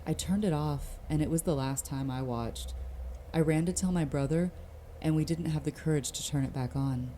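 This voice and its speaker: A woman reading forum posts aloud in slow, somber horror story narration. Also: low voice, dark tone, slight background noise.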